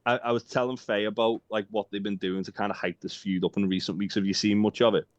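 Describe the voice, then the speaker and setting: A low-voiced man co-hosts a chatty podcast, swearing freely and wandering between jokes and filler ums. The recording sounds dull and dry, with little room around it. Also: little pitch movement, quick pace, no echo. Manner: sweary, jokey, rambling with many ums. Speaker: podcast co-host. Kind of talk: casual chat.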